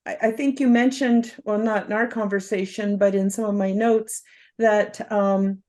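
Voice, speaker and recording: A woman hosting an interview, calm, asking long searching questions. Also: mid-range voice. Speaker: host.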